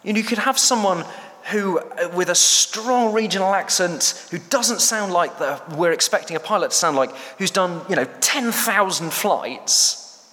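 A man who serves on a church's staff preaches in a high-sitting, sharp-toned voice at normal speed. His delivery is chatty and unsure, packed with fillers, and the hall's echo is clearly audible.

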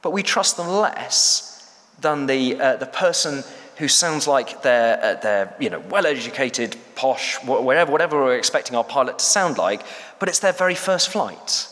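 A man's voice: medium pitch, lively intonation, normal speed, a bit bright. A man preaching a sermon in a church, chatty and hesitant with many fillers. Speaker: church staff member preaching. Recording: echoey church hall.

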